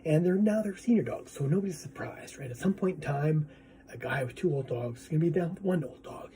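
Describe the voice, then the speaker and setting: A man's voice: fairly high pitch, a little fast, warm tone, slight background noise. A man vlogging in a casual, rambling monologue, swearing freely and asking "right?" as he goes.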